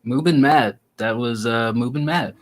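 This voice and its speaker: A man's voice: mid-range voice, measured pace, noisy background. A man hosting a casual music review show, giving blunt, crude, teasing critiques. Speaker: host reviewing listener songs.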